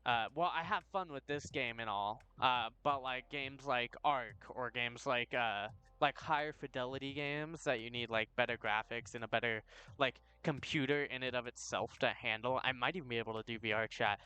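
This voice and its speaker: Smooth-voiced hesitant male streamer. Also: mid-range voice, normal speed, sharp tone. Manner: hesitant, full of fillers like "uh" and "like". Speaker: game streamer. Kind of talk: casual let's-play commentary.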